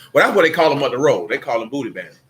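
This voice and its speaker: A man's voice: medium pitch, slight background noise. A man preaching a sermon, emphatic and blunt, with street slang and mocking asides.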